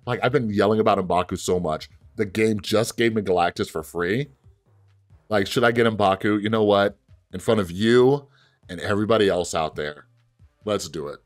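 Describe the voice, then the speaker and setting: A man casually commentating his own card game play and chatting directly to his viewers, with sudden bursts of excitement. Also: on the low side. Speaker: gaming video host.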